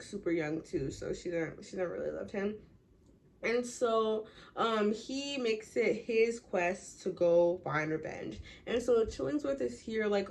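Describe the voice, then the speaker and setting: A woman's voice: mid-range voice, a little mellow. Chatty young woman summarizing a book. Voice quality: chatty, filler-heavy, lots of "like". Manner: acts out townsfolk in quick quoted bits.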